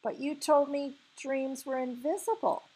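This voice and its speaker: Woman doing a high-pitched curious little girl. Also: unhurried, mellow, low-quality recording. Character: young girl, curious and anxious.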